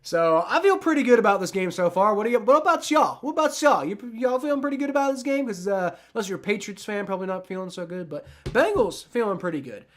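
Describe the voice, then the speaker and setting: Dude doing live game reaction, high voice that swings all over, rambles and asks chat stuff. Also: male voice, fast, hardly any pauses. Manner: rambling, excitable, talks to chat. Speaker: livestream sports reaction host.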